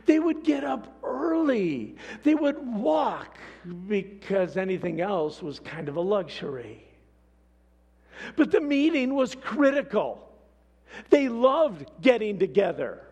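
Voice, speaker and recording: Brief: male pastor mid-sermon, husky and unhurried, storytelling with big dynamic swings, in a large echoing hall. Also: very high voice. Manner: storytelling, animated swings between hushed and shouted. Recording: long hall reverb.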